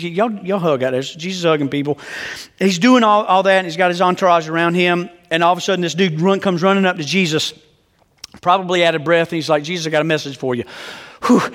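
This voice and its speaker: Man in his fifties, high voice, preaching, conversational and joking, long reverb of a big hall. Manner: conversational, joking, emphatic storyteller. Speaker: pastor. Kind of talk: sermon.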